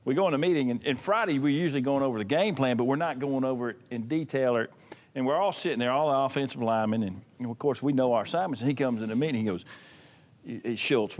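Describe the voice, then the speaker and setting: A mid-pitched man swaps old team stories with former teammates, chuckling as he goes. He talks in a loose, animated way, acting out his coach's lines. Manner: animated, laughing anecdotes. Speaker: former offensive lineman. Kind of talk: casual reunion storytelling.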